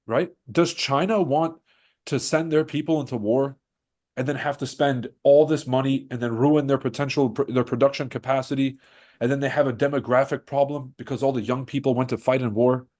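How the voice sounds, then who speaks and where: A man's voice: mid-range voice, fairly even intonation, a little fast, darkish tone. Stuffed-up male streamer, brash hype-man host of a casual trading stream. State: stuffed-up nose. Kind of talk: casual livestream commentary.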